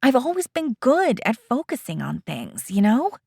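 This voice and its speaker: A woman's voice: huge pitch swings, normal speed, vocal fry, breathy edge, no echo, clean studio sound, exaggerated voice. A woman doing an exasperated young trainee. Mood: frustrated, pleading. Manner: heated, exasperated, higher and louder. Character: impatient, frustrated young female trainee.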